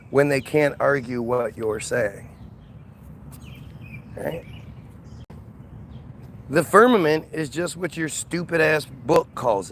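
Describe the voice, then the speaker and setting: A man's voice: a little high, creaky, a little hiss or hum. A man talking in a heated, casual monologue, mocking and contemptuous as he rants. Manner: ranting, repetitive restarts.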